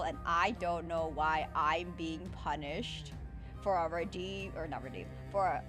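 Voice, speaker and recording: A young woman streamer chatting casually, with animated, dramatic, playful complaining and lots of laughter. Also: fairly low pitch.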